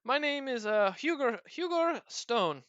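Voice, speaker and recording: A man's voice: extremely high pitch, sing-song, measured pace, fairly bright tone, clean tone, no echo, lo-fi sound, voice pushed up, full character voice. A man doing a polite, oblivious young dwarf knight. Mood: earnest. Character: young dense male dwarf knight, earnest.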